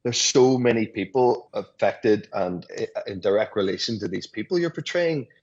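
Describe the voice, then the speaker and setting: A man's voice: on the low side, expressive, moderate pace, a little mellow, husky, lo-fi sound. A man, an actor, chatting casually in an interview from his apartment, laughing easily and restarting sentences.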